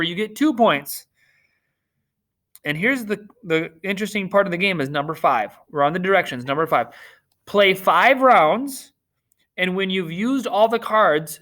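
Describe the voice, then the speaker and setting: A man's voice: sits high, fairly bright tone. A man teaching a recorded remote math lesson to children, upbeat, cracking corny jokes and teasing himself, talking through a screen share.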